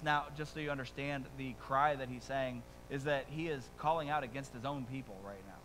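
A man preaching a sermon as pastor, conversational and animated, with quick asides and rising emphasis, speaking to a congregation in a church. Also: medium pitch, a little hiss or hum, poor audio. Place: church sanctuary before a congregation.

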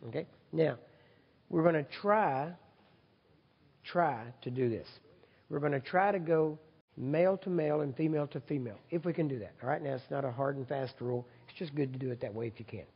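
Gravelly preacher man in an echoing hall. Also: on the high side, a little fast. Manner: leads congregation in repeat-after-me prayer, loud and emphatic; conversational, asks audience for agreement. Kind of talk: sermon. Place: large hall with congregation. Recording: dull recording with long hall reverb.

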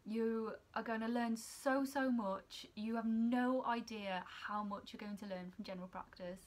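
A young woman, a student nurse chatting casually to her vlog camera, emotional and quick to laugh. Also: on the high side, fairly even intonation. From England. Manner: emotional, chatty, laughs often, near tears.

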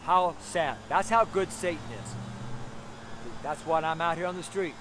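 A man's voice: fairly high pitch, fairly even intonation, moderate pace, background noise. An older man preaching a fervent street sermon outdoors by busy roads, exhorting and repeating his points. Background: passing cars.

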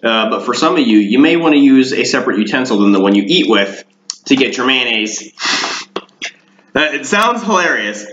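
A man hosting a casual home cooking vlog, rambling and deadpan with dark jokes, talking in his kitchen. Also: mid-range voice, noisy background. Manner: deadpan, darkly joking, rambling. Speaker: home cooking show host. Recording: echoey room, dull lo-fi sound.

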